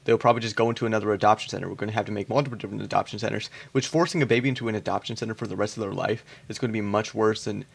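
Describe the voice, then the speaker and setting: Gravelly-voiced man, mocking commentary. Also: lowish voice, fairly even intonation, racing, hardly any pauses. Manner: blunt, exasperated, swears. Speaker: reaction commentator.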